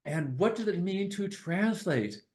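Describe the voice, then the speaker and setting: A man reading poems at an online poetry gathering, slowly and deliberately, with chatty asides between them. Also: sits high, animated, a little mellow, low-quality recording. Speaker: poetry reader at an open mic. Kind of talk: casual reading and commentary. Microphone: online video call.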